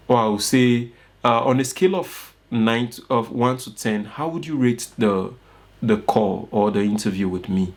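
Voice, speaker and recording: A man's voice: on the low side, moderate pace. A young man with a Nigerian accent teaching an informal online course, coaching his listeners and often checking "you get it?". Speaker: course instructor.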